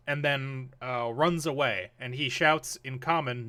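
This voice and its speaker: A man's voice: medium pitch, steady tone, measured pace, sharp tone, clear, resonant tone. A man narrating a tabletop role-playing game as game master, rambling with many fillers.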